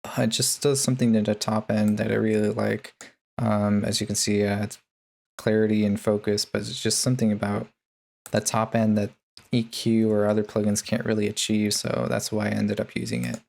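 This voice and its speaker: A man with a low, gravelly voice walks through his mixing chain in a relaxed tutorial. He speaks in a flat, even tone and fills his pauses with ums and uhs. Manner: laid-back, many ums and uhs. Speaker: music producer. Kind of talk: casual tutorial narration.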